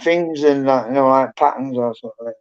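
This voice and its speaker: A man's voice: mid-range voice, fairly quick, a little mellow, smooth. A middle-aged man, chatting casually on a livestream, rambling and swearing with lots of "and that" and "you know". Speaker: livestream host. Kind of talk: casual chat. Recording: dull lo-fi livestream audio.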